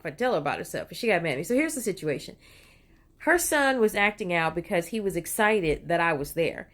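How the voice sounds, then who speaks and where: Chatty woman telling a story. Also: mid-range voice. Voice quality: animated, puts on voices when quoting people. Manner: chatty, digressive, frequent "you know" and "right?". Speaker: vlogger. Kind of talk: casual storytelling monologue.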